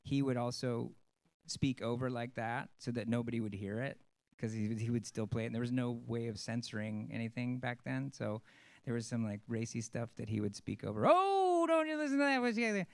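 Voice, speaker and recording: A man, a stage actor, giving an earnest, rambling personal talk to an audience, with many pauses and ums. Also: mid-range voice, level tone, gravelly, a little mellow.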